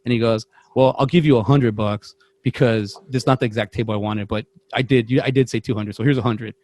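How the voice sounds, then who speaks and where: A man's voice: mid-range voice, fast talker. A man on a podcast telling a long work story in casual chat, rambling and acting out the voices of the people in it. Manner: rambling, animated, acts out quotes, self-interrupting. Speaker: podcast co-host.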